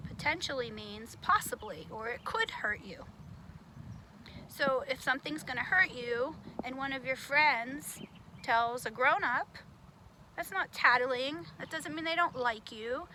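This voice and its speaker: A woman teacher leading a children's puppet lesson, patient and gently explaining. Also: high-pitched, lively intonation, measured pace, a little hiss or hum.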